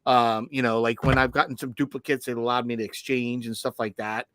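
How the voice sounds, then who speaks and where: A man's voice: medium pitch, little pitch movement, fairly quick, a bit bright, dry recording. Rambling man telling stories, dry sound. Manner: rambling, storytelling with restarts. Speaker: podcast co-host. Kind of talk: casual podcast chat.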